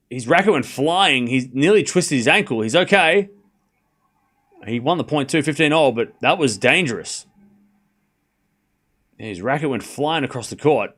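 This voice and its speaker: A young man hosting a live tennis watchalong stream, chatting casually and excitedly repeating the score as points are played. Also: on the high side. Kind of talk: live casual play-by-play commentary.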